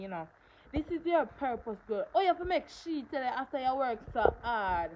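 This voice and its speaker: A woman's voice: mid-range voice, muffled recording, slight background noise. A young woman, telling a story on her livestream in an emphatic way, repeating phrases for stress. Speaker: livestream host.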